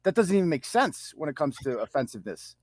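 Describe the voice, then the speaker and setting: A man's voice: a little high, sing-song, fast, darkish tone, dry recording. A male radio co-host who makes sarcastic, mocking remarks in studio banter.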